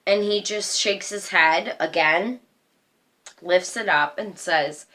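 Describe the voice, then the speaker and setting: A woman slowly retelling a painful personal story in casual talk, halting often with fillers. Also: fairly low pitch, a bit bright.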